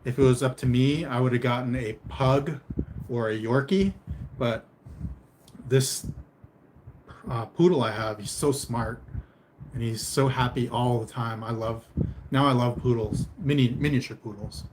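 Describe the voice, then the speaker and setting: A man's voice: medium pitch, measured pace, pauses often, noisy background. A man casually chatting with viewers on a livestream. He reads out their comments and answers them in a meandering, laid-back way with mild humor.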